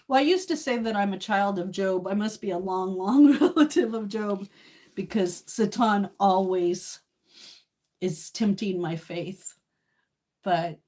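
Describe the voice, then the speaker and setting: A woman in her sixties talking to viewers on a casual live stream. Her voice is tearful and emotional, and she breaks into laughs between halting, filler-heavy phrases. Her pitch sits in an ordinary middle range. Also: warm tone. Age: 60s.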